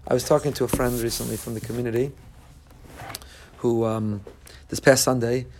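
A man delivers a sermon in a mid-range voice. He is animated and storytelling, and he breaks into loud, high-pitched bursts when acting out other people's lines. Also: normal speed, slight background noise. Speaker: rabbi.

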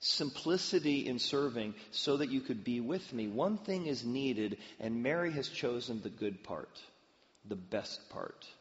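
A man's voice: medium pitch, measured pace, in a large hall, lo-fi sound. A man preaching a sermon, telling stories and sometimes acting out the voices of the people in them. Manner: storytelling with lively acted-out voices. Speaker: pastor.

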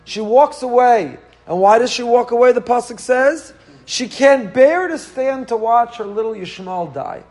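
Male rabbi type, higher-pitched, lively lecturing delivery. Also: unhurried. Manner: animated, rhetorical questions, mixes Hebrew and Yiddish terms. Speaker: rabbi teaching the weekly Torah portion. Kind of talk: Torah class lecture.

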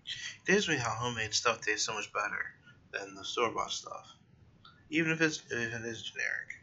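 A man's voice: mid-range voice, normal speed, pushed and bright, muffled recording. A tired man hosting a casual solo podcast late at night, rambling and correcting himself as he goes. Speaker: podcast host.

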